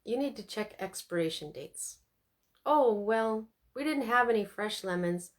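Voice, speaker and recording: A woman voicing a patient, weary middle-aged mother who speaks gently and coaxingly. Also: medium pitch, animated, unhurried, close to an everyday voice. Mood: gentle, weary.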